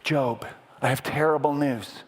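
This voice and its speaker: A man's voice: mid-range voice, fairly even intonation, unhurried, slightly rough. A man voicing frightened male servants who bring terrible news, pleading with rising urgency, in an echoey hall. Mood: urgent. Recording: echoey hall with long reverb.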